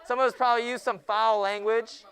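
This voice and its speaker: A young man teaching a junior high Bible class in a classroom, joking with the students and often hushing them. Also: steady tone, fairly quick, gravelly. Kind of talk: classroom lecture.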